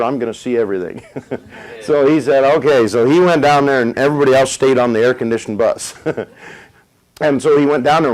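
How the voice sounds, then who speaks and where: A middle-aged man preaching a sermon, retelling a story with dramatic pauses and rising emphasis. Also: mid-range voice, a little mellow, poor audio. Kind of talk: sermon testimony.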